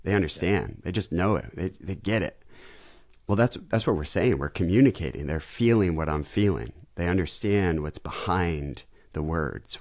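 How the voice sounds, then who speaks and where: Pastor guy on a podcast, low voice, acts out family moments, dry close sound. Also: no room sound. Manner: animated storyteller who acts out family scenes. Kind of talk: conversational interview.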